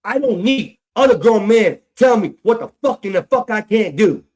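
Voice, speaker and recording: A man's voice: high-pitched, expressive, moderate pace, darkish tone. A grown man ranting on a livestream, profane and frustrated, repeating himself as he vents. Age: adult. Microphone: streaming mic.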